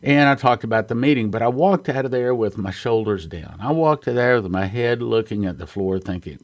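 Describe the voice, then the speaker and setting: A man's voice: medium pitch, expressive, fairly quick, few pauses. A man from the United States telling an earnest, storytelling testimony in a sermon, sometimes choking up with emotion. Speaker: ministry founder and speaker.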